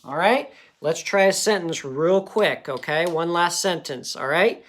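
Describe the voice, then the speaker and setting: A man's voice: on the high side, lively intonation, a little slow, a bit bright. A man teaching a children's phonics lesson, patiently sounding out words syllable by syllable.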